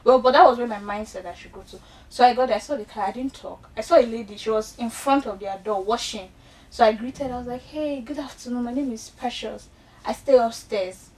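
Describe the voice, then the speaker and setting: A woman's voice: on the high side, fast. A young Nigerian woman telling a personal story in a casual chat, acting out the voices in it. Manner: animated, acts out quoted dialogue. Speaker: guest storyteller. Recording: voice from far off the mic.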